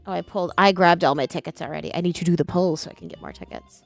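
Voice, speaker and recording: A woman's voice: lowish voice, racing, gravelly, hardly any pauses. A woman live-streaming a video game, chatting casually and talking to her pet as she plays, with faint game music underneath.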